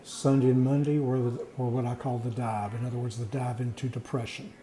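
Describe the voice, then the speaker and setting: Earnest man with a very dark voice. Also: medium pitch, level tone. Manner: earnest, reflective, plain-spoken with pauses. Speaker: vlogger sharing personal experience. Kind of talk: personal storytelling monologue. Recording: echoey room.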